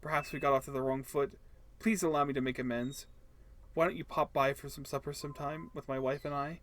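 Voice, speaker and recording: A man's voice: a little high, fairly even intonation, fairly quick, a bit bright, slight background noise, natural voice. A man voicing a polite, anxious neighbour who speaks formally and apologetically. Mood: polite, urgent.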